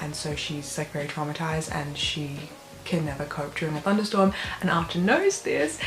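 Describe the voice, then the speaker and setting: Aussie girl gushing about a book in her bedroom, lots of um and like, kinda low voice. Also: echoey room, low-quality recording. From Australia. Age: young adult. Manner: gushing and rambling, full of "like" and "um". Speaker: book vlogger. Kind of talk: casual reading vlog chat.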